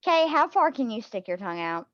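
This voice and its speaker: Woman, teasing, casual chat, high voice, muffled audio. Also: sing-song, brisk, a bit bright, no echo. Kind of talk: casual late-night chat.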